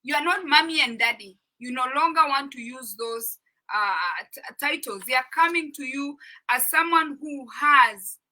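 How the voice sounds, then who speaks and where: A woman's voice: high voice, pushed and bright, low-quality recording. A middle-aged woman hosts an informal talk on a parenting book. She speaks in an earnest, instructive way, repeats her points and often checks in with listeners.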